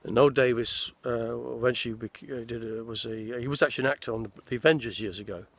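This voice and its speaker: With no echo, a medium-pitched male voice comes through steady, fast, and a bit bright. The speaker, a sixty-something actor, chats casually in a forest, telling rambling stories of his movie work and restarting often.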